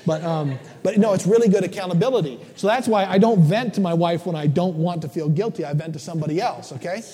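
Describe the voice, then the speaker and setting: A man's voice: high voice, quick pace, mellow. A middle-aged male preacher giving a conversational, joking sermon, often checking in with "right?". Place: church. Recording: long church reverb.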